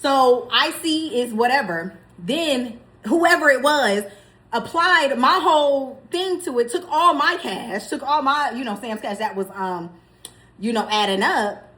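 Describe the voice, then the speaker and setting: A young woman vlogger telling a story in a casual, animated way, laughing as she goes. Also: high-pitched, measured pace.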